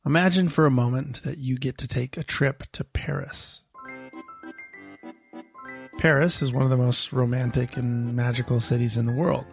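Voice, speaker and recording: A man's voice: medium pitch, normal speed, vocal fry, faint music behind. A man hosting a podcast, telling a reflective monologue in a conversational way, laughing now and then. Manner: conversational, laughs often, lively shifts in emphasis. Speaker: podcast host.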